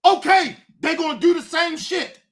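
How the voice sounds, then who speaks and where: A woman hosting a livestream, ranting angrily in a profane voice that often breaks into shouting. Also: extremely high pitch, normal speed. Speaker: streamer, show host. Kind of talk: livestream rant.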